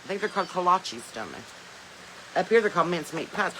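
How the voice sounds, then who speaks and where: A woman's voice: on the low side, big pitch swings, moderate pace, pushed and bright, slight background noise, rough recording. A woman with a Southern US accent hosting a casual live stream from her phone, rambling, laughing often and reading viewer comments aloud. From Southern United States. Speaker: podcast host. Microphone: smartphone.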